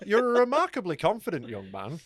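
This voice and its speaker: A man's voice: sits high, wildly swooping pitch, a little fast. A man co-hosting a comedy podcast with dry, teasing banter. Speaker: podcast co-host. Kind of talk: casual comedy podcast chat.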